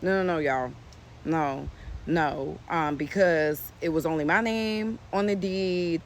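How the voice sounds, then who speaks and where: A woman, talking casually to her viewers about what happened to her, animated and indignant, calling them y'all. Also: deep voice, slow, slight background noise. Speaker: vlogger. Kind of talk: casual storytime to camera. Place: outdoors.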